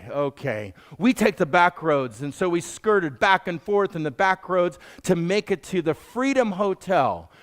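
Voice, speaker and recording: A middle-aged man tells a personal story with earnest, heartfelt care. His voice is smooth and clear and sits a little high for a man. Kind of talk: live storytelling.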